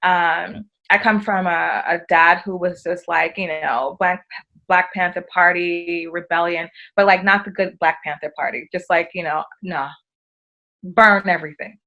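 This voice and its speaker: Her voice is fairly low and gravelly, her speed normal, and the sound lo-fi. This woman from the United States is a podcast guest, casually and animatedly storytelling and acting out quotes.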